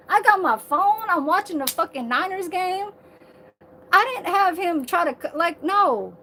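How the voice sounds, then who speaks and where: A woman with a high voice rants to her phone camera in a casual vlog. She talks animatedly, swears freely and leans on filler words. A faint hiss of background noise sits under her voice. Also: unhurried. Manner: animated, heavy profanity, lots of filler. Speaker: vlogger.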